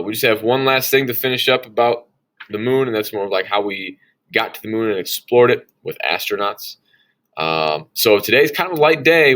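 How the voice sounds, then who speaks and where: A man's voice: fairly low pitch, a bit bright. A man teaching a recorded lesson walk-through, talking casually and chattily and often checking in with "all right?". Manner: folksy asides. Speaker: science teacher.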